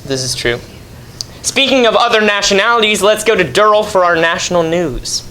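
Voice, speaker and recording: Bright-voiced student news anchor. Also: male voice, sits high, lively intonation, moderate pace, slight background noise, rough recording. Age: teens. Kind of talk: scripted school news banter.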